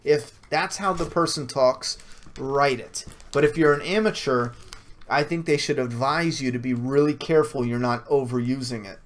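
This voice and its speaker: A man's voice: mid-range voice, normal speed. A man answering viewer questions in a casual stream, blunt and swearing freely, with frequent restarts. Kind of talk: casual Q&A livestream.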